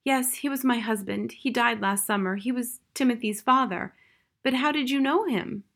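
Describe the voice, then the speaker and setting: A woman's voice: fairly high pitch, moderate pace, a bit bright, pitched above the performer's own voice. A woman reading the lines of a timid, worried mother mouse in an anxious, pleading way. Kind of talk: audiobook reading.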